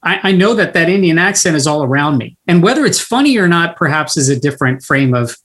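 A man's voice: fairly high pitch, lively intonation, a bit bright. Thoughtful man hosting an interview. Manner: thoughtful, slow, searching phrasing with restarts. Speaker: interview host. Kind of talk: interview questions.

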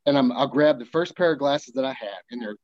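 A man, a military veteran, telling a story in casual chat, animated and profane as he acts out the dialogue. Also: medium pitch, brisk, no room sound, dull audio.

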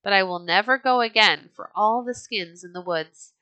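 A brave Viking chief speaks firmly and earnestly, as a woman reads him aloud from a storybook. The voice is bright and clear, in a dry, close recording. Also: mid-range voice, moderate pace, no room sound, close to an everyday voice, poor audio. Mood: weary. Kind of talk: storybook reading.

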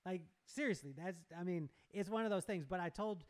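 A man's voice: high-pitched, brisk. A man telling a story with animation in a casual chat, acting out dialogue and laughing often. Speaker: guest speaker.

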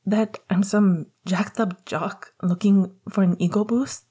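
A woman's voice: medium pitch, steady tone, takes it slowly, mellow, slightly rough. A woman voicing an earnest young male hockey star who pleads urgently in a whispered role-play. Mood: pleading.

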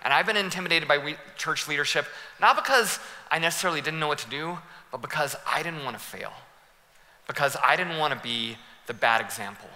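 A young male pastor delivers a sermon with personal stories, laughing animatedly and acting out each scene. His slightly high voice is strikingly bright and sharp and a little fast, ringing through a large church hall with long reverb trailing behind.

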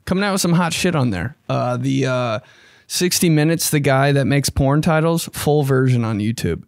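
A young man hosting a casual podcast, talking loosely and profanely and jumping about in pitch. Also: normal speed, no echo, studio quality. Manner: loose, profane and animated, with sudden jumps in pitch. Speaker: podcast host. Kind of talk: casual solo podcast chat.

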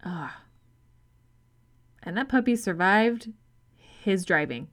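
A woman co-hosting a casual film podcast, trading quick, profane reactions and laughing easily. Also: mid-range voice, expressive. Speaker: podcast co-host. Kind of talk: casual film-review chat.

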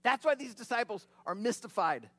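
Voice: medium pitch, sing-song, brisk, a bit bright, husky, dry recording. Conversational preacher, vivid storytelling, dry sound. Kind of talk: expository sermon.

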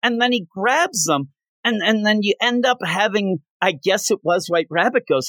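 A man's voice: sits high, expressive, moderate pace, a bit bright, no echo. A man co-hosting a comic book podcast, recapping an issue in casual chat and acting out the characters' lines. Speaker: podcast co-host.

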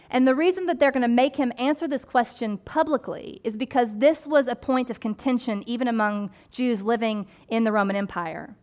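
Woman pastor preaching conversationally. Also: fairly high pitch. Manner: conversational, animated preaching with asides and playful voices. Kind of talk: sermon.

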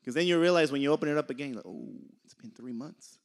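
A man's voice: medium pitch, animated, quick pace, gravelly. A young man giving a casual sermon, conversational and laughing often, sometimes losing his train of thought. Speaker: preacher.

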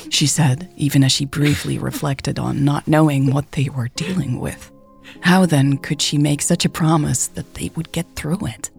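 A woman reads a romance story aloud in a soft, at times whispery manner. Her voice sits low with a gravelly fry. Faint music plays behind her. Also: steady tone, a little slow. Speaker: audiobook narrator. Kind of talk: scripted narration.

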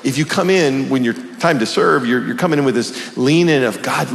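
A man's voice: mid-range voice, fairly quick, gravelly, in a large hall. A man hosting a faith-based conversation, recapping his guest's points with emphatic enthusiasm. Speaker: host.

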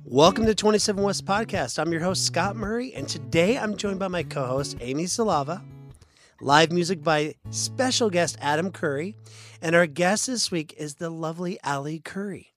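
A man hosting a church podcast, telling stories in a casual chat with lively, animated delivery and quick restarts. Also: sits high, soft background music. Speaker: podcast host.

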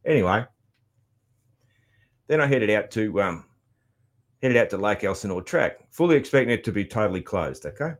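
A man's voice: fairly low pitch, expressive, moderate pace, long pauses. A man with an Australian accent giving a casual, rambling travel recap, swearing freely with many ums and restarts. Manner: loud, chatty. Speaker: vlogger.

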